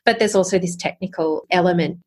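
A woman's voice: on the low side, fairly quick, slight background noise. A middle-aged woman hosting a podcast, talking in an earnest, flowing, motivational way about dance training. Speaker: podcast host and dance coach. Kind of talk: casual interview chat.

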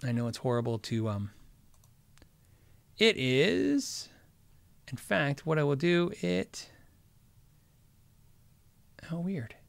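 A man with a somewhat high voice hosts a live guitar gear stream, talking casually and reading chat. He rambles, cracks jokes and interrupts himself often. The sound is dry, with no room echo. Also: very animated, slow, vocal fry, pauses often. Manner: rambling, chatty, frequently sidetracked; joking, self-interrupting. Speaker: host of a guitar gear livestream.

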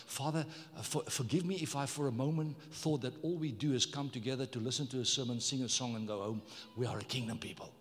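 A man's voice: medium pitch, a little fast, few pauses, fairly bright tone. Emphatic male preacher in a reverberant church. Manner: emphatic preaching, repeats words, calls on the congregation. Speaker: pastor. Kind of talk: sermon.

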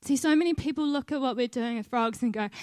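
A woman's voice: high voice, fast, a little mellow, smooth, dry recording. A young adult woman, earnestly telling a personal faith story about volunteering, with bits of laughter at herself. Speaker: volunteer team leader. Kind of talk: personal testimony.

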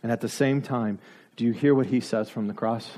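A man's voice: mid-range voice, fairly even intonation, fairly quick, dark tone. A man preaching a sermon, driving his points home with repeated rhetorical questions and building to emphatic peaks.

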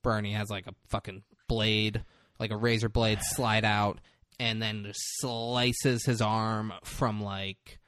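A man's voice: on the low side, level tone, slow, a bit bright, dry recording. A man co-hosting a podcast, swearing freely and acting out characters as he retells a movie. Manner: profane, acts out characters while retelling. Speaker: podcast co-host. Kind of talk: casual movie recap chat.

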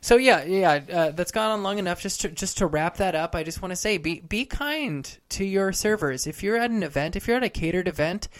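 A man co-hosting a casual podcast, with a voice a little higher than most men's. He cuts in with quick, wry remarks and tells his own stories in a relaxed, conversational way. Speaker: podcast co-host. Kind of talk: casual chat.

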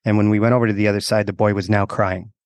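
A man's voice: on the low side, little pitch movement, very fast, darkish tone, no echo. A man who works as a PE teacher and coach, telling a story in a casual, earnest way with frequent restarts.

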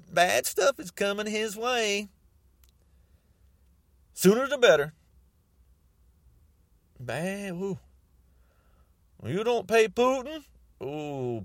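A man's voice: sits high, sing-song, slow pace, long pauses, no echo. A man podcasting a ranting political monologue, mocking and repeating himself.

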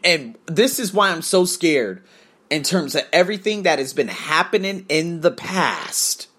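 A man's voice: a little high, a bit bright. A man telling a blunt, profane personal story in a confessional monologue.

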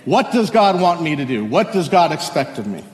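A man pastor giving a sermon, chatting casually with the congregation and reading scripture slowly and solemnly, in a church sanctuary. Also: a little high, sing-song. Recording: echoey hall with long reverb.

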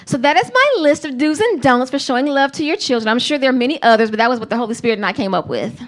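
A woman preaching a sermon to a congregation, earnest and emphatic, with slow, deliberate phrasing. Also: high voice, expressive.

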